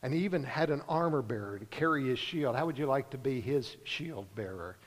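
A man preaching a sermon, earnest, pausing and lifting his voice for emphasis. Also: medium pitch, expressive, in a large hall.

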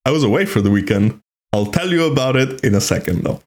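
A young man co-hosting a casual podcast, playful and quick to laugh. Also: lowish voice, expressive, a little mellow. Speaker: podcast co-host. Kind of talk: casual chat.

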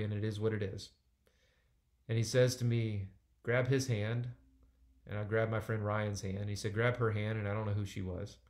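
A man's voice: lowish voice, a little mellow. A man in his forties preaching a sermon, talking conversationally and driving points home with emphatic repetition. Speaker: pastor.

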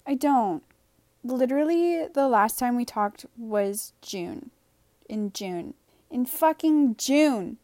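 A woman's voice: on the high side, slow pace, darkish tone, no echo. Young woman rambling through a storytime. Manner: rambling, full of "like" and "you know"; exasperated, swearing for emphasis. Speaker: vlogger. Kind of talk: casual storytime.

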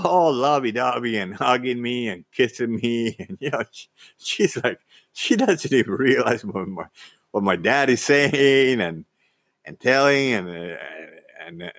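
A man telling a personal story casually, halting, with frequent restarts and repeated words. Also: mid-range voice, lively intonation, fairly bright tone, no echo. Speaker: vlogger.

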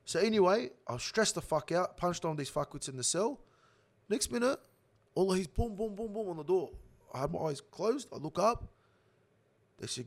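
A man's voice: high voice, moderate pace. Swearing Australian man telling a jail story. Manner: swears heavily, animated slang-filled storytelling. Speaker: guest telling a prison story. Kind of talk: casual storytelling.

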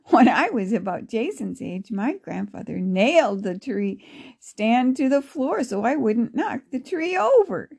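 A woman as a kindly, gentle grandmother. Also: a little high, big pitch swings, a little slow, vocal fry, slightly rough, heavily acted. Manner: gentle, encouraging. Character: kindly, warm-hearted grandmother.

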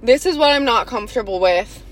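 A woman's voice: fairly high pitch, expressive, brisk. A woman hosting a podcast in candid, casual chat, slightly out of breath and often saying "y'all". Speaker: podcast host.

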